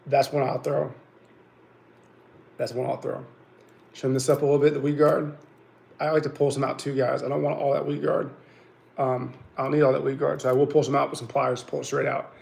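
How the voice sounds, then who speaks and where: A chatty man talks through his fishing tips in a relaxed, folksy way, often calling his viewers guys and y'all. His voice has a gravelly edge, and the sound carries an echo of the room around him. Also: medium pitch, quick pace. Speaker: fishing channel host. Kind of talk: casual fishing tips livestream. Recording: echoey room.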